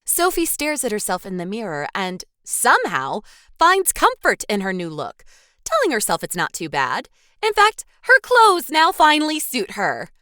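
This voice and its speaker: Bright lively woman reading a movie recap on a podcast, dry close mic. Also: on the high side, moderate pace, no room sound. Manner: scripted recap broken by dry quips. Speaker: podcast co-host. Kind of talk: reading a film recap, with asides.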